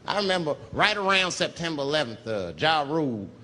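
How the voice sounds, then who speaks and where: A man telling a profane, animated stand-up story and acting out the people in it. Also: on the high side, a little fast, long reverb tail. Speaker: stand-up comedian.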